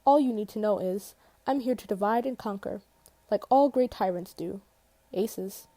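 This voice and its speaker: A woman's voice: medium pitch, normal speed, warm tone, no room sound, natural voice. A woman reading out the messages of a mysterious, grandiose anonymous texter in a mock-grand way. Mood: taunting.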